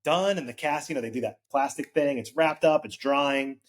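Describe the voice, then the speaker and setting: A man's voice: on the high side, normal speed. A man in his forties, a podcast guest telling a long personal story in a casual, rambling way, full of "like" fillers and acted-out quoted voices.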